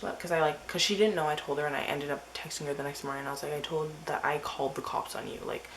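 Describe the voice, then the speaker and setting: A woman's voice: deep voice, steady tone, fast, fairly bright tone, slight background noise, rough recording. A teenage girl telling a rambling story in a casual diary vlog, full of "like" and quoted asides. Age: teens. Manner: rambling, filler-heavy storytelling. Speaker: vlogger.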